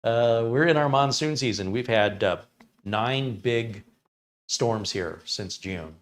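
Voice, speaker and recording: An American man hosting a live tech stream, running benchmarks and chatting casually with viewers in a relaxed way. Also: medium pitch, slow. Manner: relaxed, chatty, reads chat names aloud. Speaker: tech channel host. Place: home studio.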